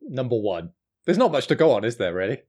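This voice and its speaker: A man's voice: medium pitch, very animated, fairly quick, darkish tone, husky. A British man co-hosting a podcast, teasing and joking with his friends. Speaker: podcast co-host. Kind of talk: casual podcast chat.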